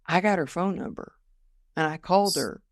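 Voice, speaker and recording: A woman guest on a podcast, telling her story in a casual, lively way and acting out the people she quotes. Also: lowish voice, moderate pace, no echo, clean studio sound. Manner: lively storyteller who acts out quoted dialogue. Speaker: podcast guest, motivational speaker.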